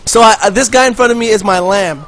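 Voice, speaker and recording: Chatty high-voiced man rambling over gameplay. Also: fast talker, a bit bright, a little hiss or hum. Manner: rambling, chatty, swears casually. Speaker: gaming channel host. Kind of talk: casual gameplay commentary voice-over.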